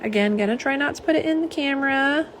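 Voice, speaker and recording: A woman's voice: sits high, quick pace, a little hiss or hum. Chatty woman live-streaming swatches. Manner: chatty and warm, lots of fillers and asides. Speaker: nail polish swatcher. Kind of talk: live-stream chat, reading viewer comments. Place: home office.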